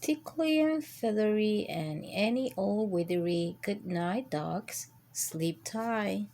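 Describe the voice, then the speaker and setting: Slow sing-song woman storyteller. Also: animated, warm tone. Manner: slow, sing-song, bursts into high animal voices. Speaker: children's storyteller. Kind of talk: bedtime story reading.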